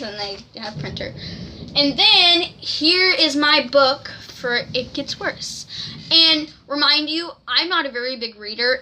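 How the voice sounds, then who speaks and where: Bright, high-voiced young woman vlogging. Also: slight background noise. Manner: excited, rambling, giggly storytelling. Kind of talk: casual storytime vlog.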